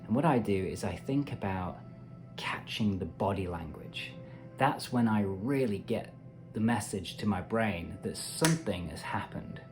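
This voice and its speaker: Man, meditation host, casual self-help talk, animated and chatty, faint music behind. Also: fairly low pitch, measured pace. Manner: animated, chatty, with playful asides.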